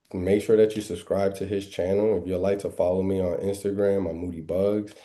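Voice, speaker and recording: A low-voiced man with a very dark, mellow tone. He talks like a preacher on a live trading stream, throwing out rhetorical questions and answering them himself. He drifts between soft, quick asides and slow, stressed points. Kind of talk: preaching-style casual talk.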